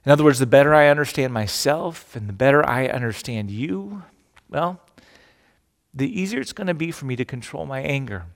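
A man's voice: medium pitch, brisk. Preaching man, long hall reverb. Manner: animated, emphatic preaching with acted-out quotes. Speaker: pastor. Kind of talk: sermon.

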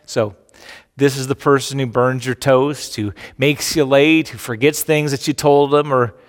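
A man's voice: mid-range voice, measured pace. Preaching man, long hall reverb. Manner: animated, emphatic preaching with acted-out quotes. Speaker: pastor. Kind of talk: sermon.

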